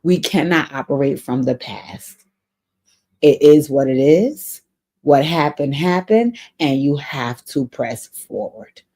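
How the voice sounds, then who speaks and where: A woman's voice: deep voice, animated, slow pace, warm tone. An earnest woman hosts an advice show, answering a viewer's letter in casual spoken counsel. She talks in an encouraging, faith-minded way and repeats her key points for emphasis. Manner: spiritual advice. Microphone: off camera, voice only.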